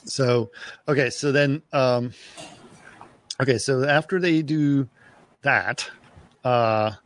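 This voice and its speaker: A man co-hosting a podcast, talking casually and haltingly, often losing his thread. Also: medium pitch. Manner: halting, loses his place, chuckles through stories. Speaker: podcast co-host. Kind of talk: casual chat.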